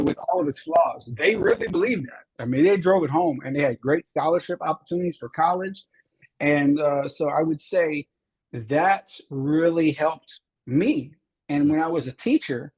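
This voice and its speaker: In an interview, a Chicago state representative earnestly recounts his life story, acting out the teachers he quotes. His voice is a little high, a little mellow and husky, and the audio is poor.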